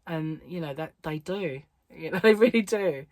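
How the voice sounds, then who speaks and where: Chatty, giggly woman vlogger, lowish voice. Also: normal speed, darkish tone, no echo. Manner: chatty, rambling, laughs often. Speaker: crochet vlogger. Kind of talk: casual chat. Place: home on an English island.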